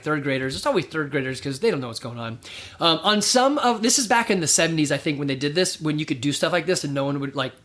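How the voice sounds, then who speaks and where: A man's voice: sits high, bright, forceful tone. A middle-aged man hosting a podcast, giving casual advice in a rambling, conversational way with restarts and chuckles. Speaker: podcast host.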